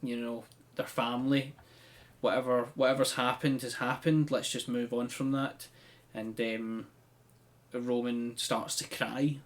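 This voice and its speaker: A man's voice: medium pitch, level tone, unhurried. A man, casually recapping events on a podcast with frequent "um" and "like". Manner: chatty storyteller with frequent "um" and "like". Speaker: podcast co-host. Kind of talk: casual chat, recapping a wrestling show.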